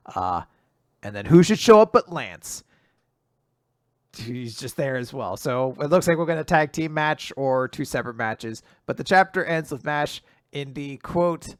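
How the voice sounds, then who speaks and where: A man's voice: medium pitch, animated, no echo, clean studio sound. A man co-hosting a casual podcast, summarizing a comic chapter in an easygoing, amused way. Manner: easygoing, amused, quick to laugh. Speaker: podcast co-host. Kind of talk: casual chat recapping manga.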